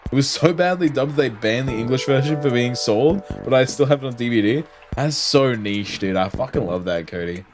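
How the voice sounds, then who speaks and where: A young man livestreaming, ranting casually to his chat in an animated, heavily profane, slangy way. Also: mid-range voice, moderate pace, hardly any pauses. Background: music.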